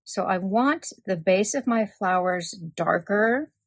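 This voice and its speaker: Slow, calm woman explaining a craft. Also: mid-range voice, no echo. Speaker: card-making tutorial host. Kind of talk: voice-over craft tutorial.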